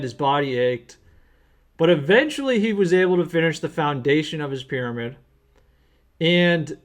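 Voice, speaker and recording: A man who works as an accountant, teaching small business owners through an earnest, plain-spoken story. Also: fairly high pitch. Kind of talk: storytelling lesson.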